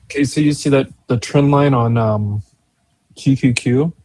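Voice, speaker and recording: A man's voice: medium pitch, unhurried, a little mellow, no echo, rough recording. A man co-hosting a live trading stream in casual chat, who often halts and restarts mid-thought.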